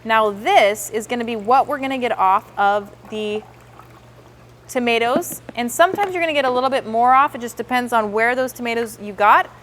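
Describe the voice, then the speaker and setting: A woman's voice: fairly high pitch, moderate pace, a bit bright, slight background noise. A woman giving a sales training demonstration, enthusiastic and coaching, acting out how customers react.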